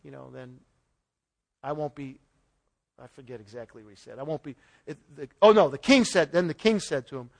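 A man's voice: a little high, lively intonation, brisk, vocal fry. A man giving an informal Bible teaching, retelling the story in a folksy way with paraphrased dialogue and chuckles. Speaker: preacher.

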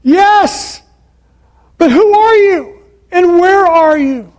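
A man voicing a panicked man hanging from a cliff, yelling high and frantic for help. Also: very animated, moderate pace. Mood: frantic pleading. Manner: high frantic pleading shouts.

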